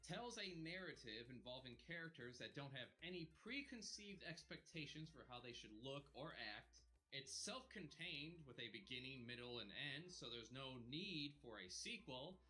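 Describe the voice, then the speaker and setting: A man giving a measured, analytical review. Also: mid-range voice, very animated, sharp tone, rough recording.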